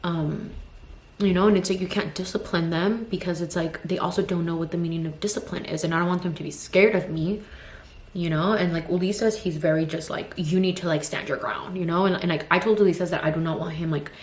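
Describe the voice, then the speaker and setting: A woman's voice: lowish voice, steady tone, fairly quick. A woman in her twenties, a vlogger and mother of two toddlers, venting in a frank, rambling casual chat packed with "like" and "you know". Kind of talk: casual get-ready-with-me vent. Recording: roomy echo with faint ambience.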